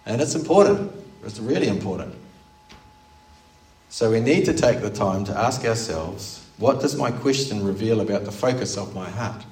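A man's voice: lowish voice, lively intonation, normal speed, a little mellow. A man preaching a sermon in an earnest, explaining way, asking his listeners questions. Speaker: pastor. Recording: roomy, from a distance.

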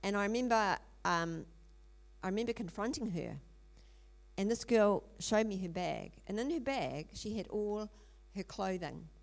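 A woman's voice: lowish voice, creaky. A middle-aged woman telling a story in a sermon, earnest, with frequent ums and restarts. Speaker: speaker in a church teaching series.

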